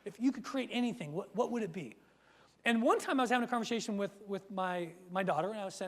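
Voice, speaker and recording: A man coaching a live seminar audience, energetic, checking in with "right?" and acting out his stories loudly. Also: high-pitched, fast. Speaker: workshop speaker and coach. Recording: long hall reverb.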